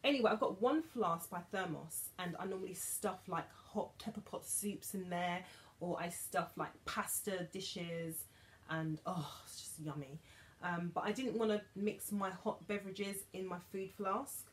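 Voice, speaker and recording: A woman's voice: on the low side, unhurried. A woman, chatting casually through a shopping haul with giggly, emotional asides. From England. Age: 30s. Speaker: vlogger.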